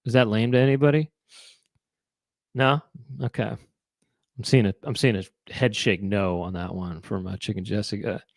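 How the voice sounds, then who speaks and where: A man's voice: fairly low pitch, steady tone, moderate pace, creaky, pauses often, dry recording, clean studio sound. A man hosting a live online chat show, musing aloud to viewers in a rambling way, with many fillers and restarts. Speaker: host.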